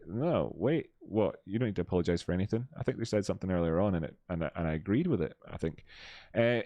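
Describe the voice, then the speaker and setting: Brief: low-voiced male live-stream host, loose and rambling, dry close sound. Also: expressive, fast, darkish tone, dry recording. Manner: loose, thinking aloud with many fillers. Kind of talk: live-stream chat and chart analysis.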